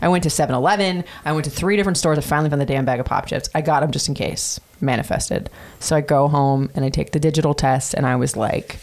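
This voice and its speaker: Low-voiced chatty woman telling a story. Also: fast, few pauses, a little mellow. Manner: chatty, profane, lots of fillers. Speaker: podcast host. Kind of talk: casual storytelling chat.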